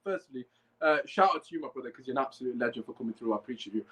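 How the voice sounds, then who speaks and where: A man's voice: fairly high pitch, big pitch swings, fast, a bit bright, rough recording. A young man, hosting a live fan podcast and ranting heatedly while swearing and reading chat comments. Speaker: podcast host.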